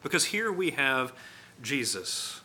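A man's voice: medium pitch, sing-song, slow, bright, forceful tone, a little hiss or hum. A man preaching a sermon in a conversational way, acting out voices in the stories he tells. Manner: conversational, acts out quoted voices.

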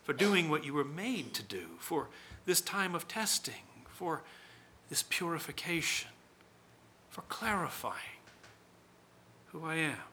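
A man doing a calm, gentle young man of faith. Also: fairly high pitch, slow, long pauses, slight background noise, exaggerated voice.

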